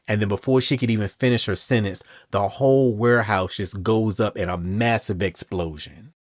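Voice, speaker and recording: A man's voice: lowish voice, fairly even intonation, normal speed, hardly any pauses. A man hosting a podcast, casually retelling a comic story in a chatty style and acting out the characters' lines. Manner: chatty storytelling, retells scenes with "and she goes". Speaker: podcast host. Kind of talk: casual comic-book recap.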